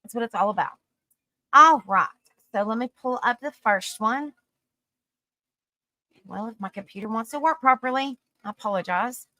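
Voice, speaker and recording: A woman hosts a live stream and reads an article aloud, tired but still bright and somewhat high-pitched. She greets viewers affectionately as sweetie and honey and trips over difficult words. The sound is dry and close, with no room echo. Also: normal speed, pauses often. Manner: stumbles over hard words and laughs at herself.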